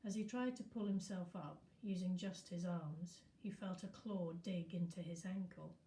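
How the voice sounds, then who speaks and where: A woman's voice: lowish voice, normal speed, a little hiss or hum. Woman reading a story aloud, echoey room. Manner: steady, clear storytelling. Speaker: teacher.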